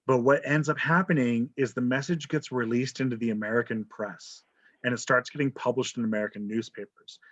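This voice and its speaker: A man's voice: medium pitch, fairly bright tone. A man teaching an online history class, talking casually, joking and checking in with "right?". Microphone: video call. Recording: dull lo-fi video call audio.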